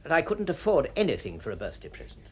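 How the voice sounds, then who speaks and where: An actor playing a gruff, irritable, penny-pinching husband in a vintage radio drama. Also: male voice, on the high side, huge pitch swings, fast talker, darkish tone, heavily acted. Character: grumpy penny-pinching middle-aged husband. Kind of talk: 1960s radio drama acting.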